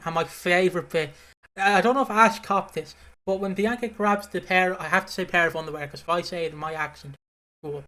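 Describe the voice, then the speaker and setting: A man's voice: fairly high pitch, steady tone, brisk. A man co-hosting a casual podcast, reading out chat comments and recapping with many fillers. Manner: bright, hesitant, lots of fillers and laughter.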